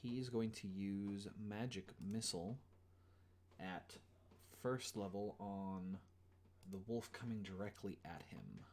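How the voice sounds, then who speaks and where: Low-voiced guy running a tabletop game, chill and kinda apologetic, lots of ums, faint hiss behind. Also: slow, darkish tone. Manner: casual, filler-heavy, apologetic. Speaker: game master.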